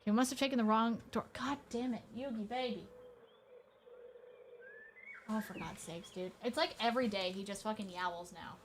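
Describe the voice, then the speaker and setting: A woman's voice: a little high, moderate pace, long pauses, a little hiss or hum. A woman streaming a horror game, talking casually with lots of swearing and rambling asides. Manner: chatty, heavy swearing, rambling. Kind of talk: casual let's-play commentary.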